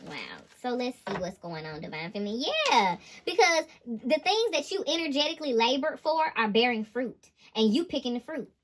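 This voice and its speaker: A woman giving a tarot reading, talking in an animated, emphatic, slangy way and laughing often. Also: on the high side, normal speed, background noise. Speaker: intuitive tarot reader.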